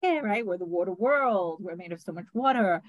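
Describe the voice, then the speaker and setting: A woman, a spiritual channeler, speaking softly and earnestly on a group video call, often ending phrases with "right?". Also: medium pitch, animated, a little fast, dry recording, phone-quality sound.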